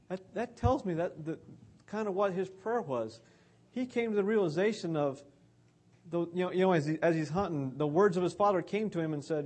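A man's voice: sits high, animated, fairly quick, a little mellow. A man giving an earnest, conversational sermon about scripture.

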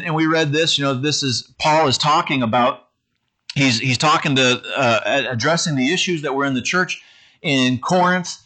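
Halting bright-voiced male preacher. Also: fairly high pitch. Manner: halting, repeats words and restarts often. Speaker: pastor. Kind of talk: conversational sermon.

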